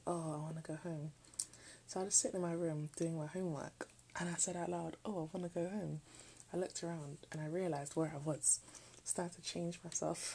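A girl in her late teens rambles through a late-night chat from her bedroom. Her voice sits low with a soft, mellow tone, and she keeps slipping into half-whispers. Faint background noise runs underneath. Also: low-quality recording. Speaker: vlogger.

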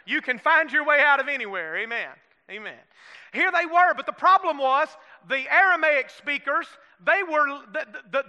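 High, bright Southern preacher. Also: male voice. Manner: folksy, calls for amens, asks the room questions. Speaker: pastor. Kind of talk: sermon. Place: church sanctuary. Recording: long hall reverb.

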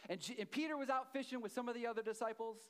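A man preaches in a chatty storytelling way, stopping to check in with his listeners. He repeats key phrases for emphasis, and his voice sits high for a man. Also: very fast, fairly bright tone. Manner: conversational storytelling with checks to the audience. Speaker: pastor. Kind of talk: sermon.

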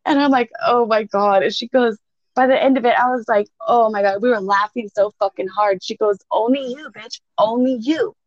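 A woman's voice: fairly high pitch, fairly even intonation, a little fast, no echo. Profane, laughing woman telling a wild story. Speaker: podcast co-host. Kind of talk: casual storytelling chat. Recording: dull, dry lo-fi sound.

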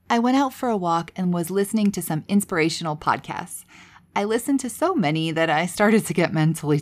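A woman's voice: fairly low pitch, creaky. A woman telling her personal story on her own podcast in a candid, conversational, reflective way.

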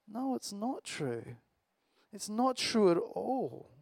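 A man's voice: high voice, sing-song, slow pace, vocal fry, no room sound. A man preaching a sermon in a conversational, storytelling way, with a self-deprecating personal anecdote.

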